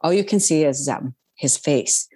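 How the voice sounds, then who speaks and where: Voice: mid-range voice, measured pace, breathy edge, no room sound. A former cruise ship crew member telling anecdotes in a casual chat, laughing often and acting out the dialogue. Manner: animated storyteller, laughs often, acts out quoted dialogue.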